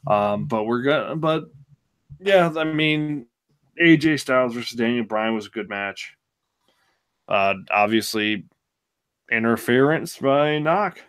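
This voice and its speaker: A man's voice: medium pitch, expressive, takes it slowly, long pauses, a bit bright, clean tone. A man co-hosting a podcast in casual chat, laid-back and wry, hesitating with many ums. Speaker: podcast co-host.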